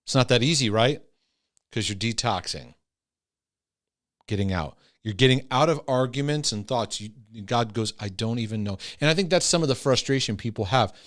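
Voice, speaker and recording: A middle-aged man speaks in an easy, conversational teaching style at an average pitch. He talks directly to his listeners, slips into quick acted-out voices, and tags his points with questions to keep them with him. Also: expressive, a bit bright. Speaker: Christian teacher on anxiety and OCD. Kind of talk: casual teaching talk.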